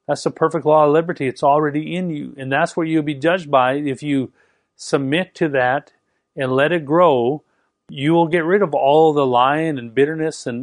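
Give me a man preaching fast and emphatically, with a dry, close sound. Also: medium pitch, dry recording. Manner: fast, emphatic, repeats and restarts words. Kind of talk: sermon.

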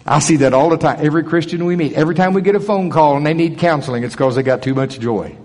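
A man preaching a sermon at a church service, animated, swinging from loud bursts to soft asides. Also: fairly high pitch, brisk, big-room sound.

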